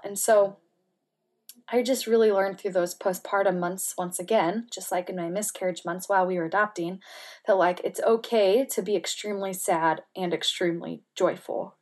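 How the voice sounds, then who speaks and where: A woman speaking as an interview guest, telling a personal story candidly with many "like" fillers and softening at times to a near-whisper. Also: mid-range voice, steady tone, normal speed. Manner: candid, heavy use of "like" fillers; emotional, drops to soft near-whispers.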